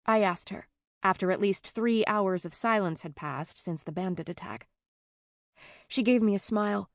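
A woman narrating a first-person fantasy audiobook in an even, conversational way. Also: mid-range voice, normal speed, no echo, clean studio sound.

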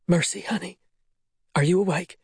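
A male narrator voicing a desperate, loving mother in an audiobook, urgent and pleading, often in a hushed voice. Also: sits high, moderate pace, breathy edge, no room sound, studio quality, pitched above the performer's own voice, full character voice. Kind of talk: audiobook character voice.

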